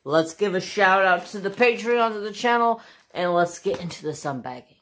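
Gushing woman with a lively, swooping voice. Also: mid-range voice, normal speed. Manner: gushing, exclaims over and over; chats to her dog while talking. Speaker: craft channel host. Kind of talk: casual unboxing vlog.

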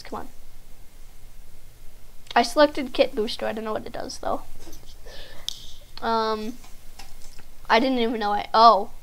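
Excitable young woman narrating a game. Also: a little high. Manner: excitable, lots of fillers and sudden yelps. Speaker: gaming video host. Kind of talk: casual gameplay commentary.

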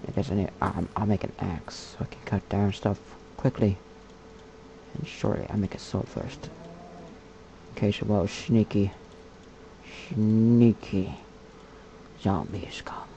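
Slow gravelly-voiced man narrating gameplay. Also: warm tone. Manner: puts on a slow, low, gravelly character voice; mutters and whispers to himself, talks to animals. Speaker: gamer. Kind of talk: casual gameplay commentary. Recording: dull lo-fi mic with faint hiss.

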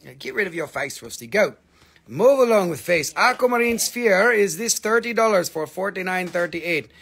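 A man's voice: sits high, expressive, normal speed, creaky, fairly bright tone, slightly rough. A man hosting a live mineral sales stream, talking in a joking, rambling, playful way as he announces prices. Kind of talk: casual live selling banter.

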